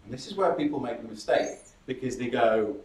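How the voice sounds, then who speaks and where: A man with a mid-range voice gives a brisk, lively, chatty presentation skills talk at a startup workshop, animatedly acting out audience reactions with laughing asides. The recording from a distant mic in the workshop room is very noisy with roomy echo.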